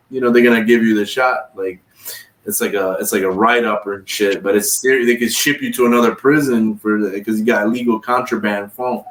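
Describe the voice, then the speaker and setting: A lowish, steady voice delivers brisk, casual storytelling on a livestream: long, rambling tales laced with profanity, with the man voicing other people's words. He sits far from the mic in an echoey room.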